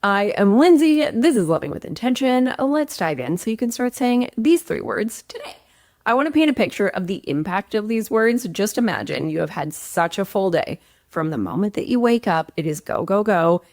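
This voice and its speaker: A woman's voice: mid-range voice, normal speed. A woman in her thirties, a relationship coach, giving emphatic, conversational advice straight to the camera. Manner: animated, emphatic, conversational with acted-out quotes. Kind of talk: direct-to-camera advice talk.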